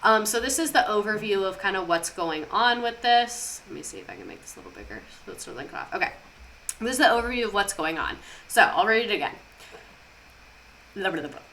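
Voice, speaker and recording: A woman's voice: medium pitch, sing-song, quick pace, bright, forceful tone, a little hiss or hum. A young woman streaming, chatting casually and swearing freely as she drifts off on tangents. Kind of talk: casual chat, live stream.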